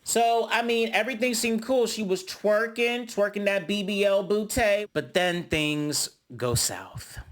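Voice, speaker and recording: Young man, sassy, dramatic, reality show recap, slightly high voice. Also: unhurried, hardly any pauses, fairly bright tone. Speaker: YouTube reality TV reviewer. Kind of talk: casual commentary recap.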